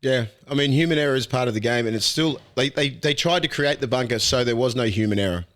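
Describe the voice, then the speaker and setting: A man with an Australian accent, a podcast host and former rugby league player, talking sport in a blunt, animated way and swearing freely. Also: mid-range voice, quick pace. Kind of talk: casual sports chat.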